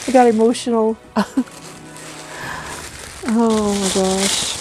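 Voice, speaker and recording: A middle-aged woman chatting casually as she unboxes giveaway gifts, gushing with excited oohs and soft gasps. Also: medium pitch, takes it slowly, pauses often, soft background music. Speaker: vlogger unboxing a giveaway box.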